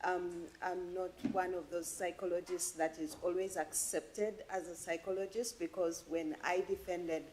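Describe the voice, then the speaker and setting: A woman from Uganda asking an earnest, emotional question at an academic forum in a lecture hall, with halting restarts. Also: lowish voice, fairly even intonation, darkish tone, a little hiss or hum. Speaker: audience member asking a question.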